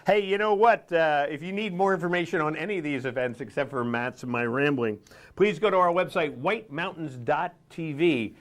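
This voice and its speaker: A man's voice: fairly high pitch, normal speed, fairly bright tone. Chatty, rambling male morning show host. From Rhode Island. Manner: rambling, chatty, with many fillers. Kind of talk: casual live morning show chat.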